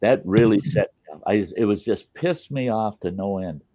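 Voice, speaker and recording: A man's voice: lowish voice, normal speed, mellow, dry recording, muffled recording. A man hosting a podcast, telling a work story in casual chat, blunt and profane, acting out the people he quotes. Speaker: podcast host.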